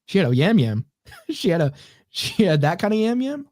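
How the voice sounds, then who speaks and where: A man's voice: high voice, very animated, normal speed, a little mellow, no room sound, clean studio sound. A man co-hosting a casual comedy podcast, rambling and sarcastic as he reads comments aloud. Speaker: podcast co-host.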